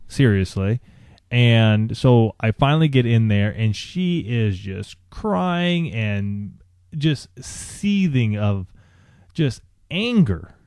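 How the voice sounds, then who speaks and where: A man co-hosting a podcast, telling a candid personal story in a halting way, with many restarts and fillers. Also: lowish voice, darkish tone, no echo, clean studio sound. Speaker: podcast co-host.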